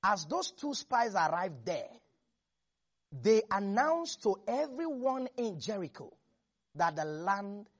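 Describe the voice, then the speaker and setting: A preacher giving an animated sermon, repeating lines for emphasis and laughing often. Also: medium pitch, husky. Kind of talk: lively sermon.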